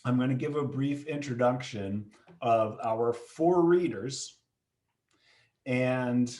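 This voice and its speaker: A man hosting a live online comics reading on a video call, talking casually with many pauses and fillers. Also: mid-range voice, darkish tone. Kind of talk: casual event introduction. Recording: roomy echo.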